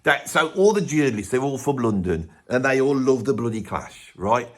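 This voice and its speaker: A man's voice: mid-range voice, expressive, moderate pace, natural voice. A man playing a blunt, grumpy middle-aged rock fan with a Birmingham accent, rambling and swearing in a comic rant. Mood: grumbling. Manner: rambling, swears often, scoffing. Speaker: comedy character host.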